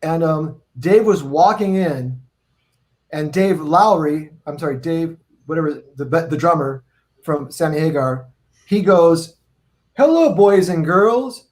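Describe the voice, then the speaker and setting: A man on a video call stream, telling tour stories in an animated, rambling, profane way. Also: on the high side, a little slow. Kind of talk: casual storytelling on a live video stream.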